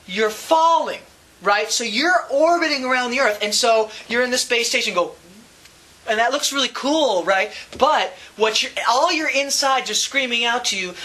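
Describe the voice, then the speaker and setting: A man's voice: very high voice, bright, forceful tone. A man teaching a science lesson with props, playful and enthusiastic, adding little sound effects as he explains.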